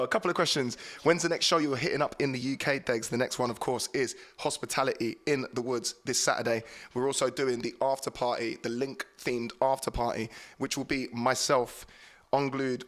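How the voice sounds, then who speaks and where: A man hosting a DJ show, chatting in an excitable, playful way and stumbling over his words. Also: moderate pace. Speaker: DJ and show host. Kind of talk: casual DJ patter between tracks. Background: faint drum and bass music.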